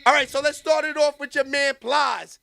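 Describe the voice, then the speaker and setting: A man's voice: very high-pitched, steady tone, normal speed, creaky. A man from New hosting a show, chatting in a loose, slangy, rambling way. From New York. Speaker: show host. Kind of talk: casual livestream commentary. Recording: loud music bed under voice. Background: loud music.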